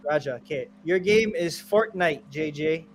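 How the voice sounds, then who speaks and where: A man's voice: on the high side, normal speed, loud music behind the voice. A man hosting a casual gaming podcast, talking energetically and laughing often. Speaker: podcast host.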